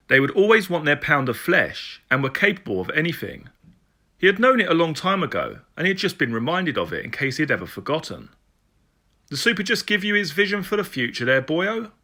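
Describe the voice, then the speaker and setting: Man reading an audiobook, expressive, swoopy pitch, bright voice. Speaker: narrator. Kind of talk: audiobook narration.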